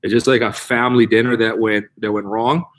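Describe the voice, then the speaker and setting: A man's voice: fairly low pitch, level tone, fairly quick, fairly bright tone. A middle-aged man teaching a live online martial arts class, explaining techniques step by step and checking in with "right?" as he demonstrates. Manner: explanatory, repeats key points with "right?". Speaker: jiu-jitsu instructor.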